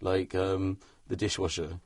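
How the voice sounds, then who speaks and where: A man talks in a loose, rambling way, poking fun at himself as an interview guest. His voice is a touch husky, recorded dry and close. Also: sits low, little pitch movement, unhurried, a little mellow, dry recording. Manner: rambling, self-deprecating, laughs often. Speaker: comedian guest. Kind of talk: casual interview chat.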